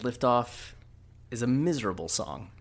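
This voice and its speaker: A man's voice: medium pitch, expressive, a little slow, creaky. A man co-hosting a podcast in casual joking chat, sardonic and often laughing, trailing off with fillers. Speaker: podcast co-host.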